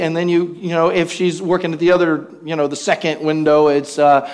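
A man's voice: fairly high pitch, normal speed. A man preaching a sermon, telling humorous everyday stories, acting out quoted voices, and calling for responses from the congregation. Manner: animated storytelling, acts out quoted voices with humor.

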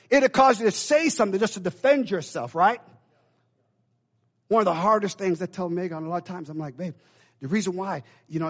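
Emphatic preaching man, loud and hushed. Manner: emphatic preaching with call-and-response asides; swings from loud declarations to hushed low asides. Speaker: pastor. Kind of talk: sermon.

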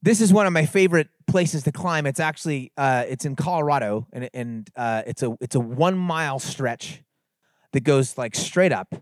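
A middle-aged man from the San Francisco Bay Area, telling a story and preaching at a youth conference in an animated, conversational way. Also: mid-range voice, moderate pace, dry recording, clean studio sound. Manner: animated, conversational, builds to emphatic exhortation. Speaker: conference speaker. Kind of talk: sermon-style storytelling talk.

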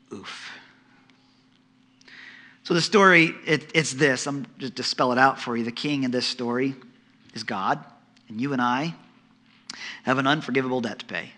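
A man preaching a sermon, dramatic, dropping to soft low tones for emphasis and acting out the voices of the story. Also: moderate pace, pauses often. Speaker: pastor.

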